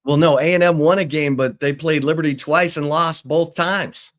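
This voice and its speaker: A man co-hosting a live sports talk show, with a voice pitched a little high for a man. He keeps an easygoing, dry and teasing tone as he recaps the action. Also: steady tone, normal speed. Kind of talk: casual sports chat.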